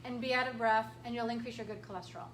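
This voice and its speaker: High-voiced woman giving a chatty health talk. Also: fairly even intonation, fast, a bit bright. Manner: chatty, emphatic, clears throat often. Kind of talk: casual health workshop talk. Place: room with an audience. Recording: echoey room from far off, faint hiss.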